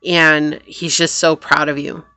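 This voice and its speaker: Bright-voiced woman reading tarot cards. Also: low voice, flat delivery, measured pace, smooth, dry recording. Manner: earnest, thinking aloud while pulling cards. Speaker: tarot reader. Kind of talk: pick-a-card tarot reading.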